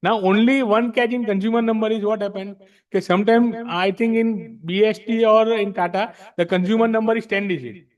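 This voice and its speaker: A man's voice: high-pitched, steady tone, a little fast. A man with an Indian English accent explaining rules to a study-circle audience, frank and emphatic, switching between English and Hindi. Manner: frank, emphatic, repeats himself. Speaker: speaker at a tax practitioners' study circle. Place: library meeting room.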